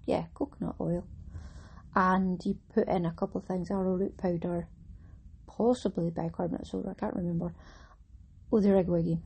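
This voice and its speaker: A woman with a mid-pitched, husky voice, chatting casually on her craft podcast. She rambles cheerfully, stops to correct herself and pokes fun at herself. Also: darkish tone. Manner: chatty, self-mocking, rambling with fillers. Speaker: podcast host. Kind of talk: casual chat.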